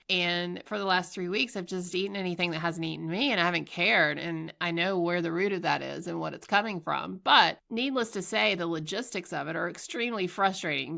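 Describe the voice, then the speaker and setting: A woman's voice: lowish voice, vocal fry, bright, forceful tone. A woman in her forties hosting a casual solo podcast, sounding congested and nasal from allergies, talking candidly and mocking herself with frequent laughs and casual swearing. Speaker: podcast host.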